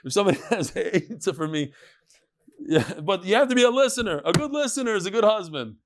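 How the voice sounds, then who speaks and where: A middle-aged man teaching a lively Talmud lesson to a live audience, mixing Hebrew and Yiddish terms and joking with listeners. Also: high-pitched, quick pace, slight background noise. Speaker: rabbi teaching a daily Talmud class. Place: study hall with a live audience.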